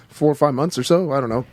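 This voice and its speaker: A man's voice: on the high side, normal speed, a little mellow, dry recording. A man telling a long rambling story in casual podcast chat, swearing and laughing as he goes. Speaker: guest storyteller.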